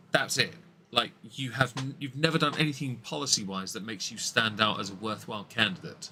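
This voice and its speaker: Blunt, bright-voiced man opining. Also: mid-range voice, fairly even intonation, brisk, hardly any pauses, slight background noise. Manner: blunt, opinionated, frequent restarts. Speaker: podcast co-host. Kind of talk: casual political commentary.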